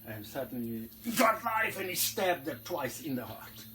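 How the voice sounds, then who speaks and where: A man who works as a tour guide telling a comic story, animated, dropping to hushed tones for suspense. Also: a little high, moderate pace, crowd noise.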